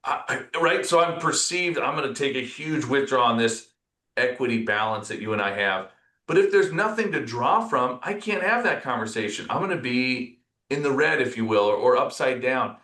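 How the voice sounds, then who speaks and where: A man's voice: mid-range voice, moderate pace, roomy sound. A man talking reflectively as a podcast guest, telling stories and voicing others' words with animation. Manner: reflective, storytelling, animated when quoting others. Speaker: podcast guest, company executive. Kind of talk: casual conversational interview.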